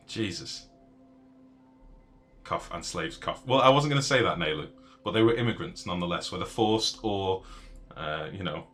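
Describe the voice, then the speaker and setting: A man's voice: fairly low pitch, lively intonation, moderate pace, a bit bright. A British man live-streaming a game, answering viewers in blunt, profane, ranting casual talk. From Britain.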